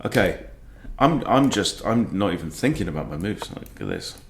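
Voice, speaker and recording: A man's voice: low voice, wildly swooping pitch, normal speed, vocal fry, a little hiss or hum. A middle-aged man, a chess coach, giving self-mocking, exasperated live commentary on his own online games, sighing as he goes. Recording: echoey room.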